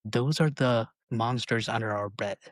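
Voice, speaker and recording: A man's voice: medium pitch, unhurried, no room sound. A man hosting a podcast, chatting casually and often checking in with "right?". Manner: conversational, frequent "right?" tags. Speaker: podcast host.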